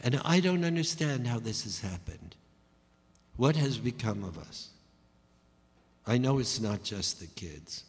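A man's voice: medium pitch, sing-song, a little slow, long pauses. A man, a folk singer and guest speaker, making an earnest, pleading spoken appeal to an audience. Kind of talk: earnest spoken appeal between sung verses. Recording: echoey hall with guitar behind. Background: acoustic guitar.

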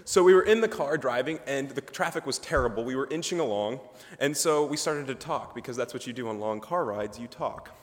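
A man's voice: mid-range voice, brisk, few pauses. A young man, a ministry student, giving a humorous, chatty chapel talk, full of asides and fillers. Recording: reverberant chapel hall.

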